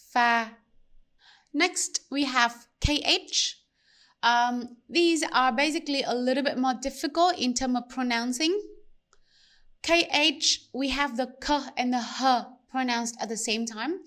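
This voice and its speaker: Slow, careful woman teaching pronunciation. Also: sits high, fairly bright tone. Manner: slow, careful, demonstrates sounds by repeating them. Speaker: language teacher. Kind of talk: pronunciation lesson.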